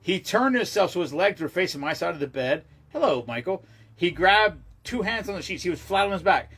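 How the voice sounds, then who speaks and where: A middle-aged man with a husky, slightly high-set voice chats loosely on a livestream. He rambles from story to story and swears offhandedly. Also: expressive, brisk, fairly bright tone. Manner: rambling, profane storytelling with laughs. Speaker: livestream host. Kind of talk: casual livestream chat.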